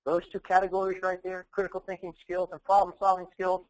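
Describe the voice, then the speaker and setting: A man's voice: high-pitched, completely flat delivery, brisk, low-quality recording. A man giving a motivational speech, telling a story and acting out its dialogue with emphasis. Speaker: keynote speaker.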